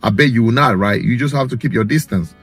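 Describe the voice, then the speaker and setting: A man's voice: mid-range voice, fast, soft background music. A man speaking in a casual vlog, blunt and insistent.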